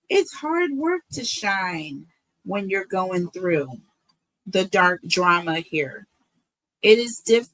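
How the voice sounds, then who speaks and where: A woman's voice: medium pitch, a bit bright, no echo, low-quality recording. A woman with a lilt giving a tarot reading, emotional and repeating herself, checking in with okay and right. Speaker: tarot reader.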